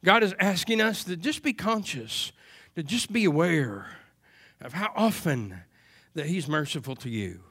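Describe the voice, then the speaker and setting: Male pastor, sermon delivery: high, bright, slow, earnest, emphatic repetition. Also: animated. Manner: earnest, emphatic preaching with repeated phrases.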